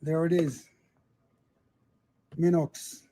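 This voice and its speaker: A man's voice: fairly high pitch, little pitch movement, drawn-out words, dark tone. An older man speaking earnestly in a recorded interview clip, confiding and sure of himself.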